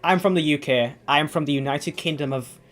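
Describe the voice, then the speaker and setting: A man's voice: a little high, a little fast, fairly bright tone, soft background music. A man from England, chatting casually on a game stream, rambling, swearing offhandedly and restarting his sentences. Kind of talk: casual gaming stream chat.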